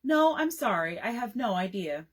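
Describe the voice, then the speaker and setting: A woman's voice: mid-range voice, very animated, normal speed. A woman reading aloud as a polite, formal older mother answering the telephone. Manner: courteous, formal.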